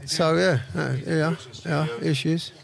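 A man's voice: a little high, steady tone, unhurried, vocal fry. A man co-hosting a podcast, chatting casually with crude jokes and frequent laughter. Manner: crude, joking, laughs often. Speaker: podcast co-host. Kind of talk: casual banter.

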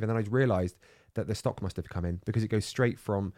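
A man in his thirties chats casually and quickly. His voice sits a little low. He acts out the voices of people in his stories, and the sound is dry and close-miked. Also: dry recording. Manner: animated storyteller, acts out quoted voices. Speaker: podcast co-host. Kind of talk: casual chat.

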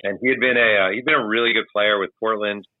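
A man with a fairly low voice tells animated stories in a relaxed, chatty way. He slips into the voices of the people he quotes. The sound is dry and tinny, like a remote call line. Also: fast, dry recording. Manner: animated anecdotal storyteller, acts out quotes. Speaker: author guest. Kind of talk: casual storytelling.

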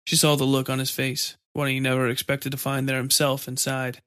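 A man narrating a horror story in a steady, measured way. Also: medium pitch, clear, resonant tone, no echo, studio quality.

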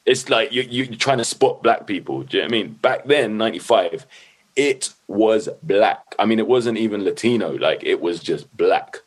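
Deep-voiced man, chatty. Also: moderate pace. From London. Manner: animated, swears freely, leans on "like" and "you know what I mean". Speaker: guest. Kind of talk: casual storytelling.

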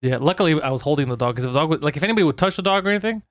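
A man co-hosting a podcast, telling stories in rapid, profane, joking chat. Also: a little high, expressive, no room sound, studio quality. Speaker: podcast co-host. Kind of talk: casual comedic chat.

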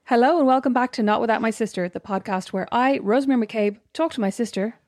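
A woman's voice: fairly high pitch, fast talker, dry recording, clean studio sound. A woman co-hosting a casual podcast with her sister, chatty and teasing. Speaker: podcast co-host.

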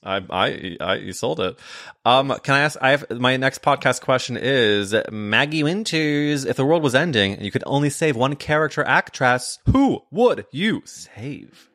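A man's voice: mid-range voice, animated, unhurried, a bit bright, no echo, clean studio sound. A man hosting a podcast in casual, playful chat, often laughing and acting out little scenes. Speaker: podcast host.

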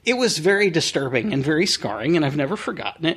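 A middle-aged man co-hosting a podcast, telling stories in a wry, deadpan way with bursts of laughter. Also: a little high, quick pace, hardly any pauses, slightly rough. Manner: wry, deadpan storyteller who breaks into laughter. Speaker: podcast co-host. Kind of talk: casual storytelling chat.

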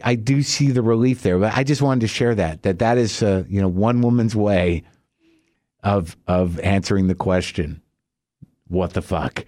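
A man hosting a podcast, telling a profane, ranting comic story in an animated way. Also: lowish voice, moderate pace, dry recording, studio quality. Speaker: podcast host. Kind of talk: comic monologue.

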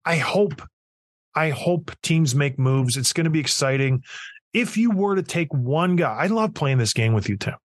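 A man hosting a casual hockey talk show, firing off excitable, rapid questions. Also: high-pitched, no echo, clean studio sound. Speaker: sports talk show host.

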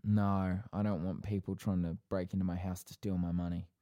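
A man's voice: sits low, flat delivery, a little fast, warm tone, no room sound, dull audio. A man co-hosting a podcast in laid-back, joking, rambling chat. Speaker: podcast co-host.

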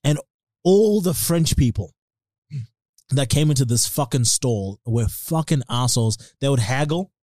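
A man's voice: mid-range voice, animated, unhurried, darkish tone, no echo. A man, a podcast co-host telling crude stories in casual banter with friends. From Queensland, Australia. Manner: crude, laughing storyteller.

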